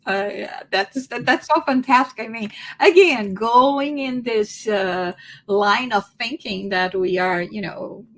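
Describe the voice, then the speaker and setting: A woman co-hosting a spirituality discussion, speaking with animated enthusiasm and frequent restarts. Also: fairly high pitch, slow. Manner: animated, laughing often, many restarts. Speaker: podcast co-host.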